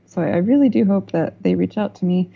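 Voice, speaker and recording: A woman filmmaker, a podcast guest talking over a video call in a measured, thoughtful way. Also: mid-range voice, creaky, breathy edge. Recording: lo-fi call audio.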